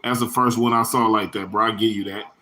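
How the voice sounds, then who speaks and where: A man's voice: on the low side, steady tone, brisk, sharp tone, a little hiss or hum. Rambling, profane man hosting a livestream. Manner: rambling, profane, slangy, answers chat comments by name. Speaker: livestream host. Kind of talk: casual livestream chat with viewers.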